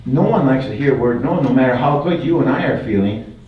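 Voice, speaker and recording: A man's voice: medium pitch, animated, a little fast. An older man from Wisconsin giving a folksy public talk, mixing humor with repeated phrases. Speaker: guest speaker. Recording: distant, roomy, dull hall recording. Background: audience laughter.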